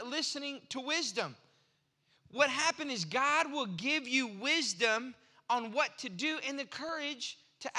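Sharp in tone and extremely high in pitch, the voice belongs to a pastor in his forties. He preaches conversationally, weaving stories and voicing brief back-and-forth moments in them.

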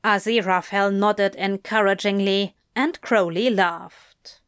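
A woman slowly reading a romantic story aloud in an intimate tone. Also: mid-range voice, expressive, fairly bright tone. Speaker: reader. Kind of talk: reading fan fiction aloud.

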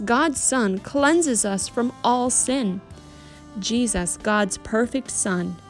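A woman teaching a Bible story to children, speaking gently and emphatically with a lot of rise and fall in her voice. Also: a little high.

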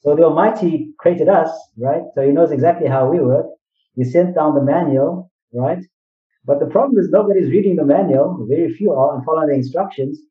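A man's voice: a little high, fairly quick. A man guest in an interview, speaking earnestly and explaining his points through analogies and rhetorical questions. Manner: earnest, repeats phrases, asks rhetorical questions. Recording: distant, roomy, dull-sounding mic.

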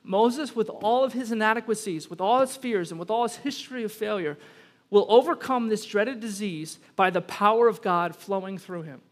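High-voiced emphatic male pastor. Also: normal speed. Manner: emphatic, rising to loud peaks on key points; conversational asides to the congregation. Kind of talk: sermon.

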